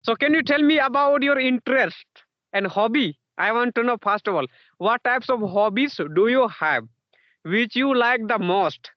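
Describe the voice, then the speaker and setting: A man's voice: very high-pitched, lively intonation, moderate pace, no echo, highs cut off. A man interviewing in casual conversation practice, repeating himself and filling gaps with "you know" and "yes, yes".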